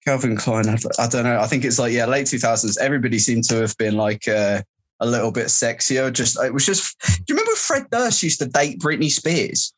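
A man's voice: mid-range voice, expressive, brisk. A man in his thirties, a comedian guest on a podcast, rambling and joking with frequent giggles. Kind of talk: casual podcast chat.

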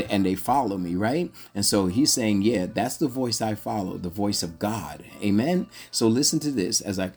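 Man preaching a bible lesson, husky, lowish voice, fervent call-and-response asides. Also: darkish tone. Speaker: podcast Bible teacher. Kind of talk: preaching-style Bible teaching.

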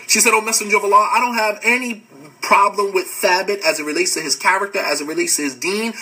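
A man, hosting a podcast and giving a casual religious lecture, animated and laughing often as he answers comments. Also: high-pitched, fast talker, husky, distant mic, poor audio.

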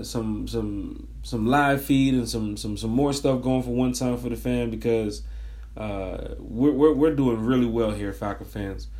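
Hoarse, hyped-up man hosting a fan show. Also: mid-range voice. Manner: energetic, repetitive hype talk. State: hoarse from screaming. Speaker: fan podcast host. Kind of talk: casual sports fan monologue.

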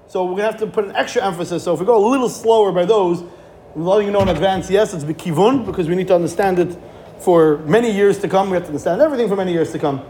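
Fast-talking high-voiced man teaching Torah. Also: slight background noise. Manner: animated, rhetorical questions, frequent restarts. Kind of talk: Torah class lecture.

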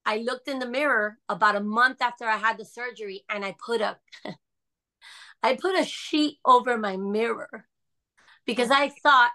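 Middle-aged woman guest, bright voice pitched a little high, earnest personal storyteller. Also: measured pace. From United States. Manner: earnest, emphatic, repeats "right?". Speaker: podcast guest, author.

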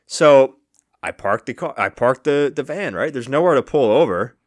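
A male podcast co-host spins a story in loose, profane banter, his pitch rising and falling widely as he acts out each side of the spat. The sound is dry and close to the mic. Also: normal speed, no echo. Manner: animated, profane storyteller who acts out both sides of an argument. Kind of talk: casual chat, storytelling.

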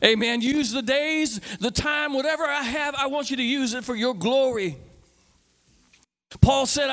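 A man's voice: very high voice, unhurried, bright, forceful tone, long reverb tail. A man preaching as a pastor, speaking emphatically with repetition and call-and-response. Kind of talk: sermon.

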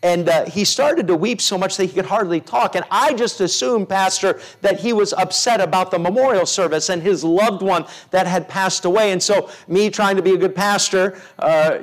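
A middle-aged man, a pastor, preaching a sermon, building repeated phrases up and dropping softly into stories. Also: on the high side. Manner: preaching with rising repeated phrases and soft storytelling drops.

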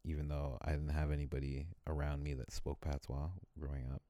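A man chats casually, telling rambling stories and often mimicking other people in high voices. His delivery is flat, brisk, and mellow, with no echo.

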